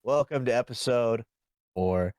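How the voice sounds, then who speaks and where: A man's voice: mid-range voice, measured pace, a little mellow, dry recording. A man hosting a casual podcast, full of crude jokes and banter. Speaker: podcast host.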